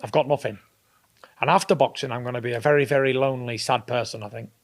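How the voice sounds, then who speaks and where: A man's voice: mid-range voice, fairly even intonation, fast. Blunt, emphatic man in interview. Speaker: professional boxer. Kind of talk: recorded interview.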